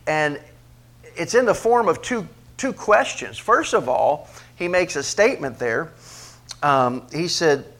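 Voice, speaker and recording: Male preacher, slightly high voice; dynamic sermon delivery, quiet asides building to loud emphatic peaks, questions to the room. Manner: preaches with big swings in pitch and loudness, rising to emphatic peaks; asks the congregation questions directly. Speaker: pastor.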